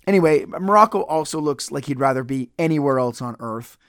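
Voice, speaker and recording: Gravelly-voiced man ranting sarcastically. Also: fairly high pitch, animated, a little fast, a bit bright, no room sound, clean studio sound. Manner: profane, sarcastic and rambling. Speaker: podcast match reviewer. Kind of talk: casual solo commentary.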